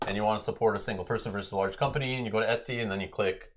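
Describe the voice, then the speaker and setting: A man from Canada with a fairly low voice, chatting loosely on a live stream. He rambles from point to point and breaks into laughter often. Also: fairly even intonation, racing, slight background noise. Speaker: stream co-host. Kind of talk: casual chat on a live stream. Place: home room, Canada.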